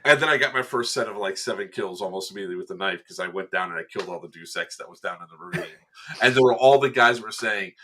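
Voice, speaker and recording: Slight hiss or hum runs under this podcast clip, where a fast-talking man with a lowish voice describes a game he worked as event staff. It's a casual, animated telling, full of acted-out quotes and laughter.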